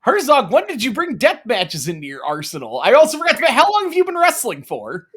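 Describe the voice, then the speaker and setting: Lively host guy, high pitched, kinda breathy. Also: fairly quick. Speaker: podcast host. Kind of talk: casual interview hosting.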